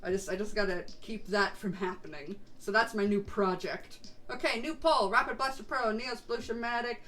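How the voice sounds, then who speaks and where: A woman's voice: mid-range voice, moderate pace, a bit bright. Chatty woman streamer, rambling. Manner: rambling and chatty, laughs often. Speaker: VTuber streamer. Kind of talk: casual chat while gaming.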